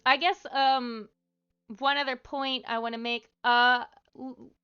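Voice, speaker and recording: A woman's voice: high-pitched, little pitch movement, slow, clean tone, highs cut off, faint music behind. A woman streamer talking casually to her live chat, with lots of fillers and asides. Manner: chatty, frequent fillers.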